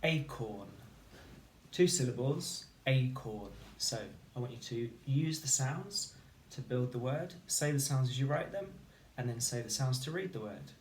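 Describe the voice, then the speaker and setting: A male primary teacher leads a phonics lesson, speaking in a clear, encouraging voice and drawing out each letter sound slowly. His voice is recorded in a roomy space with a noticeable echo. A faint hiss sits underneath. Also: mid-range voice, lively intonation, a little mellow.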